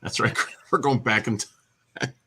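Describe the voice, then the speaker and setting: Man, husky voice, bright tone, chatty co-host, casual talk. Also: medium pitch, steady tone, measured pace. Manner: chatty, laughs often, tells stories. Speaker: co-host of a retro gaming chat show. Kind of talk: casual chat.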